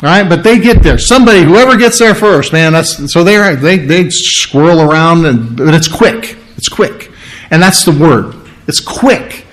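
A pastor preaching a sermon, emphatic and conversational, slowing down to read scripture and repeating key phrases. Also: male voice, fairly high pitch, expressive, fairly bright tone, rough recording. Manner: conversational, with frequent restarts and throat clearing.

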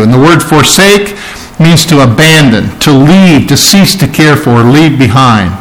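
Male pastor, slightly higher voice, emphatic sermon delivery with repeated words. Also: lively intonation, a little slow, fairly bright tone, low-quality recording.

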